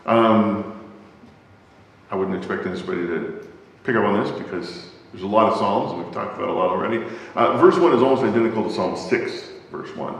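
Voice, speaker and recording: A deep-voiced man leads an adult Bible class in a church, explaining at an easy teaching pace. He hunts for words and fills the gaps with ums and uhs. His voice rings through a large, echoey hall with a long reverb tail. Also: brisk. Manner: thoughtful, searches for words, many fillers.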